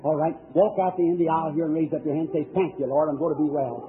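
A man's voice: fairly high pitch, steady tone, very fast. A male evangelist preaching at a healing service, fervent and emphatic, calling out to people in the audience. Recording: tinny old lo-fi recording with faint hiss.

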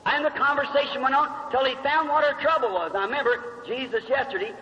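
A man's voice: very high voice, quick pace, sharp tone. A male preacher telling a Bible story in a folksy way, with homespun grammar and questions to the crowd, on a muffled recording in a reverberant hall. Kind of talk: storytelling sermon.

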